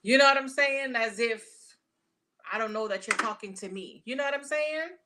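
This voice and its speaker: A woman giving a casual tarot reading, talking bluntly and profanely with animated storytelling. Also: a little high, normal speed, noisy background. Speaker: tarot reader.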